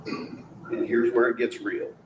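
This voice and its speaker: A man delivering a closing argument in a courtroom, pressing the jury with forceful, rhetorical questions. His voice sits at an ordinary middle pitch, and it rings in a roomy hall with a faint hum underneath. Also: wildly swooping pitch, slow pace. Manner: forceful, rhetorical, mocking quotes of the defendant. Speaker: prosecutor.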